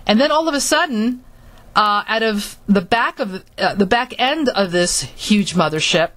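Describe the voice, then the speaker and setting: A woman from Florida telling a personal story in a halting manner, with many restarts. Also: medium pitch, lively intonation, a bit bright. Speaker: speaker recounting her experiences.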